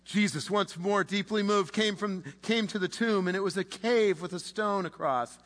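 A man preaching a sermon, impassioned, swinging between loud declarations and hushed, drawn-out pauses. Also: high voice. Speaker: pastor. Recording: long reverb of a large hall.

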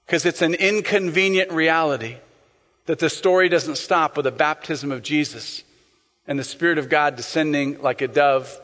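Animated high-voiced male pastor preaching. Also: long reverb tail. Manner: animated, acts out scenes with shouts. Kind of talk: sermon.

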